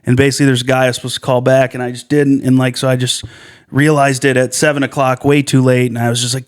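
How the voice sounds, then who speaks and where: A man's voice: medium pitch, quick pace. A man co-hosting a podcast, telling reflective stories in casual chat. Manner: reflective, storytelling, quotes others in animated voices. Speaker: podcast co-host.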